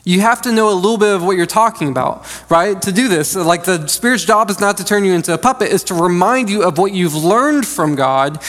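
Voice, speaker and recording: A man's voice: high voice, animated, a little fast, hardly any pauses, a bit bright. A man in his thirties preaching a conversational, joking sermon from a church stage, restarting his sentences often. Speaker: pastor. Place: church sanctuary. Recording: long reverb of a large hall.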